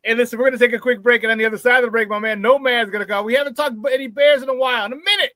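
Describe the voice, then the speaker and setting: Sports radio host, man, higher-pitched voice, dry close sound, animated and jokey. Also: racing, no echo. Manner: animated, joking, repeats words for emphasis. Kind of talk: casual sports talk.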